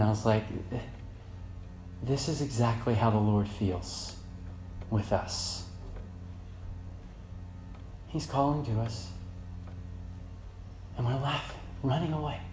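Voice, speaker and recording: Fervent preacher man in an echoey church. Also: medium pitch. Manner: swings from loud fervent emphasis to soft quiet reflection. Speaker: pastor. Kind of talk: sermon. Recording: echoey church room with faint hum.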